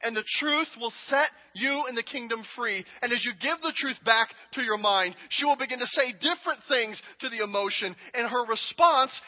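Man with a very high voice, dramatic preacher, acting out a king addressing a listener, hushed then shouting, big reverberant hall, dull audio. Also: moderate pace, few pauses. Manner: dramatic, emphatic, shifts between hushed and shouting. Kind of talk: sermon illustration, speaking in role as a king.

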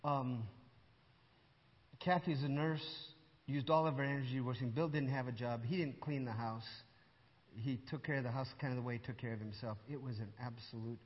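An older man preaching a sermon as a lively story, acting out conversations and speaking asides to his congregation. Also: mid-range voice, moderate pace. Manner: animated, acts out dialogue, asides to audience. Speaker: pastor. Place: church hall with audience. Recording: dull sound in long reverb hall.

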